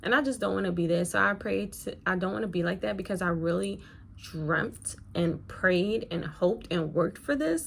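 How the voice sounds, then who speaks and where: Woman, nurse, casual makeup chat, rambling storyteller, gravelly fry, faint background noise. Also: medium pitch. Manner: chatty, rambling storytelling with many fillers. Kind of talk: casual get-ready-with-me chat.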